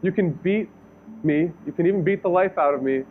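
A man's voice: high voice, fairly quick. A man voicing a devout young woman prisoner. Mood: earnest. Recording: tinny phone-like audio.

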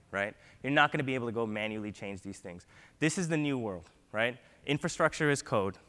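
A man giving an energetic conference keynote, often ending points with a quick "right?". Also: medium pitch. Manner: energetic, frequent "right?" tags. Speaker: keynote speaker. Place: large conference hall. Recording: long hall reverb.

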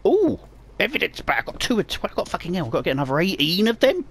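Male let's-player, foul-mouthed and excitable, gravelly, lively pitch. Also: a little fast. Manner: sweary, excitable, mutters to himself. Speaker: gamer. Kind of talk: profane let's play commentary.

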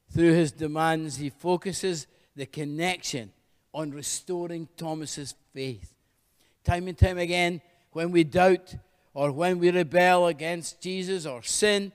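Man, pastor, sermon, high pitched, fervent, long church reverb. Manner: fervent, repeats hallelujah.

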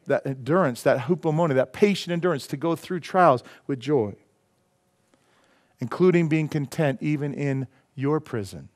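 Male pastor, sermon in a church, fairly high voice, bursts of loud emphasis. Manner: preaching with sudden loud emphatic rises and drops to quiet. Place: church sanctuary.

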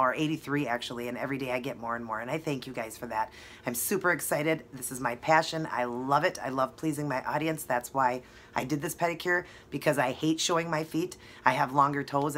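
A woman's voice: low-pitched, fairly bright tone, a little hiss or hum. A woman chatting casually in her vlog, giggly and keeps breaking into laughter, sometimes dropping almost to a whisper. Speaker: beauty vlogger.

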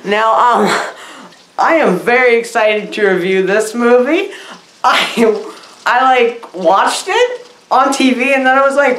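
A woman rambles through a goofy movie review in a playful, giggly, scatterbrained way. Her voice sits fairly high and swoops up and down with lots of bounce. The sound is roomy, with noticeable echo. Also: expressive, normal speed, fairly bright tone. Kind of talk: silly comedic review vlog.

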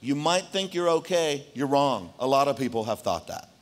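A man preaching a sermon to his congregation as pastor, telling a story in an animated way and speaking straight to the room. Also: mid-range voice, normal speed. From Arizona, United States. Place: church hall.

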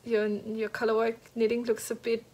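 A woman's voice: on the high side, completely flat delivery, darkish tone. Chatty woman, a bit out of breath. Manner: chatty, halting, many fillers and restarts. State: slightly out of breath. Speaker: knitting podcast host. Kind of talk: casual show-and-tell chat. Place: at home next to a heater.

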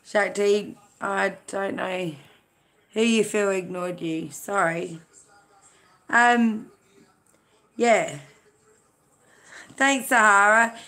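A woman's voice: medium pitch, very slow, pauses often, bright, forceful tone. A woman from Australia hosting a casual live-stream chat, chatty, greeting viewers by name with many fillers.

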